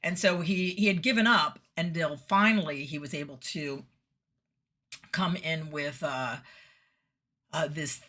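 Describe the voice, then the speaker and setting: Chatty middle-aged woman vlogger, bright forward tone, storyteller who laughs a lot. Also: sits low. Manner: chatty, laughs often, acts out quotes. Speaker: vlogger giving weekly messages. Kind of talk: casual storytelling monologue.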